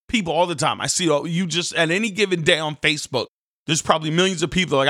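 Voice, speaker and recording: A man, a pastor hosting a daily devotional, preaching casually with sudden jumps into loud mocking voices. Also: a little high, animated, normal speed, no room sound, studio quality. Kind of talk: energetic devotional sermon.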